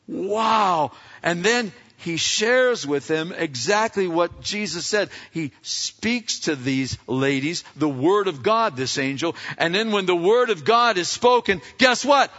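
A male pastor preaching a lively sermon, acting out scenes and firing questions at his congregation. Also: high-pitched, measured pace. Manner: animated, acts out scenes, asks the audience questions. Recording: echoey hall, dull lo-fi sound.

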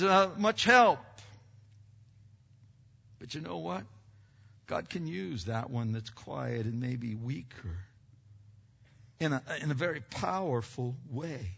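A man preaching in a church hall, his bright, husky voice carrying a long reverb. He swings between loud emphatic preaching and quiet earnest asides, often asking the congregation questions and answering them himself. The recording is dull and lo-fi. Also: a little high. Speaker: pastor. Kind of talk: sermon.

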